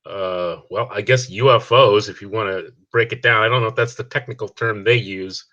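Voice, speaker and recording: A man's voice: lowish voice, normal speed, highs cut off. A man guesting on a livestream, casually summing up news articles. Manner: relaxed, summarizing news. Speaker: guest co-host.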